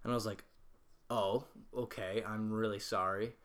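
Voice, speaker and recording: Animated young man telling a story. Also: lowish voice, normal speed. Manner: animated, swears freely, laughs through story. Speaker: podcast co-host. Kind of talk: casual podcast storytelling.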